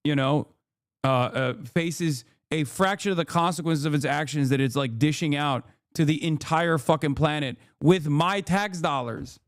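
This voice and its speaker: Recorded dry on a close mic, a man in his thirties with a slightly high voice rants at a moderate pace. He's a streamer doing live political commentary, and he's sarcastic and profane.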